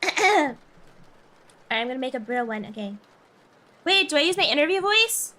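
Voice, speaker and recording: A woman's voice: sits high, sing-song, normal speed, bright, forceful tone. A young woman streamer chatting casually with viewers, playful and flustered, laughing often.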